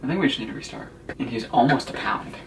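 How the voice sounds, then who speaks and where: A man joking around with his partner in a casual vlog, chiming in with quick offhand remarks. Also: medium pitch, animated. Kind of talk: casual chat. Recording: distant mic with audible noise.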